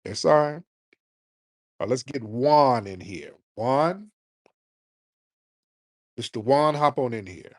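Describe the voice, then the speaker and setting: A man's voice: medium pitch, animated, slow, long pauses, no echo. A man hosting a live call-in talk show, brash and blunt, mocking his callers. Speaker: host.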